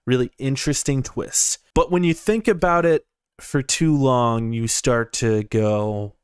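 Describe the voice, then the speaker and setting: A man's voice: mid-range voice, unhurried, clear, resonant tone, dry recording, clean studio sound. A young man giving a casual review from inside his parked car, rambling, chuckling and repeating words as he goes. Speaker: movie reviewer.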